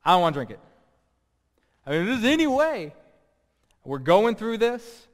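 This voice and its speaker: A man's voice: mid-range voice, moderate pace, close to an everyday voice. A man voicing an anguished Jesus who prays in plain, informal modern words. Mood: pleading. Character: Jesus as grown man, anguished, pleading casually. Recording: long reverb.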